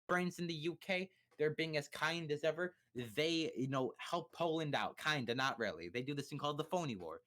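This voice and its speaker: A man's voice: a little high, lively intonation, moderate pace, hardly any pauses, a bit bright. Crude, sarcastic young man ranting history. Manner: crude, sarcastic, rambling with restarts. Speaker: streamer. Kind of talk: profane comedic history rundown. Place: home streaming setup.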